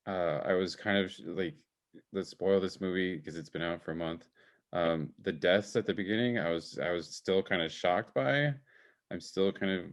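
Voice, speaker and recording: A man co-hosting a casual film podcast over a video call, talking enthusiastically with many fillers. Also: sits low. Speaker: podcast co-host, film reviewer.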